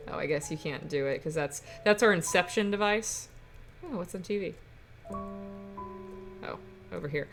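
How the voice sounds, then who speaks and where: A woman's voice: medium pitch, unhurried, pauses often. A woman casually commenting on a video game as she plays, chatty and giggly, talking to her viewers, with game music behind. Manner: giggly, chatty, reads the chat aloud. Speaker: let's play streamer. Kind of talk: casual let's play commentary.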